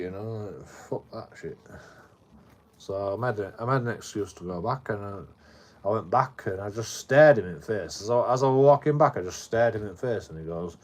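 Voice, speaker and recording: A man's voice: fairly low pitch, animated, moderate pace. Yorkshire man swearing through a rambling story. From Bradford, England. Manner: rambling, heavy swearing, repeats words. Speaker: live streamer. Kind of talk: casual storytelling to a live chat.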